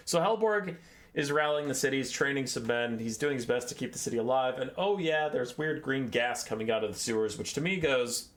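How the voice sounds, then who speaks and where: A man's voice: mid-range voice, animated, moderate pace, a bit bright. A young man giving a casual, rambling and sarcastic lore recap, swearing and acting out characters. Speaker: lore video host.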